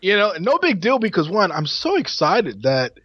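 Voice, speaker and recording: Animated storytelling man, lo-fi dry sound. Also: high-pitched, normal speed, breathy edge, no echo. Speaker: podcast co-host. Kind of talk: casual storytelling chat.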